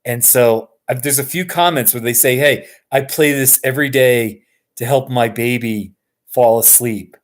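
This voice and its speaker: An American man from Colorado chatting casually with his viewers on a live stream, excitable and chuckling often. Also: mid-range voice, moderate pace. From Colorado, USA. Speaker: YouTuber hosting a live stream.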